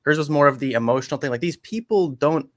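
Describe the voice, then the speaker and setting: Relaxed man, dry close sound. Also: a little high, fast, no room sound. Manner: relaxed storytelling, mild swearing. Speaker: guest. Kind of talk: casual chat.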